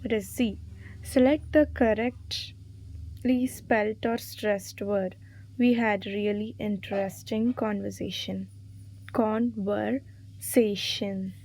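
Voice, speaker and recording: A woman's voice: medium pitch, steady tone, slow pace, a little mellow. A woman reading exam quiz questions and answers aloud, spelling words out letter by letter. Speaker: exam revision narrator.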